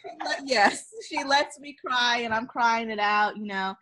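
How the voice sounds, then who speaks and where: A woman telling a personal story in casual conversation, expressive and animated, laughing often. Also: fairly high pitch, measured pace. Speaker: guest.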